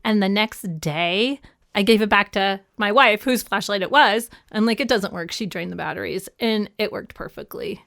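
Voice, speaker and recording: A woman's voice: medium pitch, moderate pace, vocal fry, a bit bright, no room sound, clean studio sound. A woman guest on a podcast, chatting in a casual, easygoing way. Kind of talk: casual chat.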